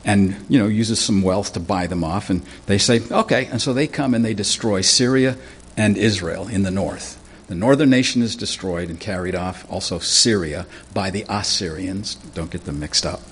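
A man preaching a sermon, reading scripture verse by verse and explaining it in a casual, conversational way, clearing his throat now and then. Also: low voice, moderate pace. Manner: teaching through scripture verse by verse, conversational asides.

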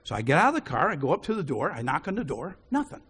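A man's voice: on the high side, sing-song, fast talker, a bit bright, breathy edge. A man preaching a sermon, telling a personal story with frequent chuckles. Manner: chuckles often while telling stories.

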